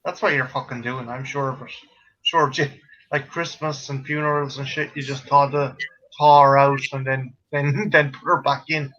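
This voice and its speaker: A man's voice: medium pitch, steady tone, moderate pace, a bit bright. A man with an Irish accent in a casual, jokey chat, swearing freely and laughing often. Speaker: friend in a chat. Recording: dull lo-fi sound.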